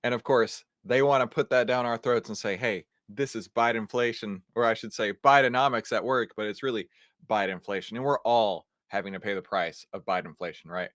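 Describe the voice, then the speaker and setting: Animated man hosting commentary. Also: on the low side, fairly quick, no echo, clean studio sound. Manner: animated, incredulous, conversational with fillers. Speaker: host. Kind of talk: energetic news commentary.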